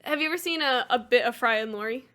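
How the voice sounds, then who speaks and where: A young woman co-hosting a podcast, chatty and quick with asides, laughing often. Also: on the high side, a bit bright. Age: young adult. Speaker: podcast co-host. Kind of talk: casual chat.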